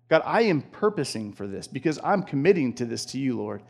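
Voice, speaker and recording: A man's voice: medium pitch, sing-song, normal speed, vocal fry, few pauses. A man preaching a sermon in a conversational, fervent way, often restarting phrases and chuckling. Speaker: pastor.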